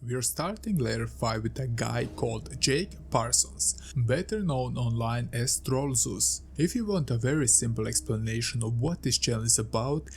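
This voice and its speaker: A man's voice: medium pitch, expressive, moderate pace, vocal fry, few pauses, darkish tone, a little hiss or hum. A man narrating a YouTube commentary video in a matter-of-fact, scripted way.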